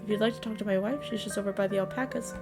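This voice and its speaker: A woman voicing a welcoming small-town male pastor who speaks in a gently preachy way. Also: medium pitch, fairly even intonation, very fast, music in the background, natural voice. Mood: genial.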